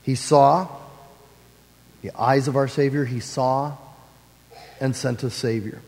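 A man, a pastor, preaching a sermon with slow, deliberate phrasing. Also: medium pitch, steady tone, creaky, a little mellow, big-room sound.

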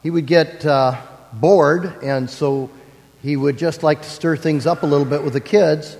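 Pastor guy preaching real slow, big echoey church sound. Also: fairly high pitch, steady tone, creaky, darkish tone. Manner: measured preaching with slow deliberate phrasing. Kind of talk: sermon.

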